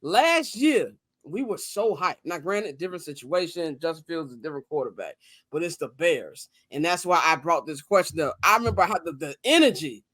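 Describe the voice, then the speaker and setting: A man hosting a casual sports talk podcast, animated, swinging between loud and soft, swearing casually. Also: on the high side, brisk, dry recording. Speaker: podcast host.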